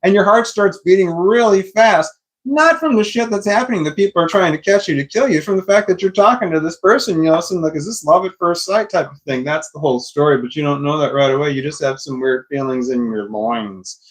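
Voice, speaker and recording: A man's voice: fairly high pitch, brisk. A man rambling through a casual monologue, full of fillers, restarts and swearing. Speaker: vlogger.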